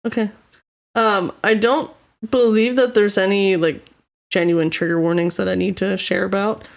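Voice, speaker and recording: A woman's voice: medium pitch, steady tone, moderate pace, creaky. Woman cohost, chatty and giggly, podcast chat. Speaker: podcast co-host. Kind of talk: casual chat narrating a case.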